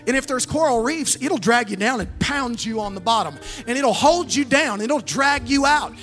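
A woman pastor preaching a fervent sermon, calling on the crowd to answer back, with a sing-song, drawn-out phrasing. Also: a little high, lively intonation, a bit bright, soft background music. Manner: emphatic preaching with call-and-response.

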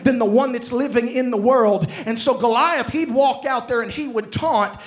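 A man's voice: very high-pitched, normal speed. A man preaching a sermon, retelling a Bible story with acted-out dialogue and calls to the congregation.

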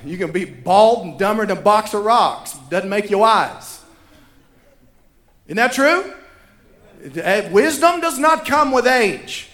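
A man's voice: sits high, a bit bright, echoey room. A man, preaching a sermon as pastor, emphatic and repeating key lines for effect. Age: 30s.

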